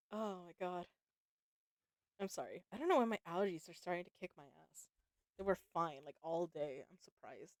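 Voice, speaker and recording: A woman's voice: lowish voice, very animated, measured pace, long pauses, dry recording. Giggly woman reading aloud, dry sound. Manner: giggly, laughs often, swears casually. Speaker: book reader and live streamer. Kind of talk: live-streamed book reading with chat banter.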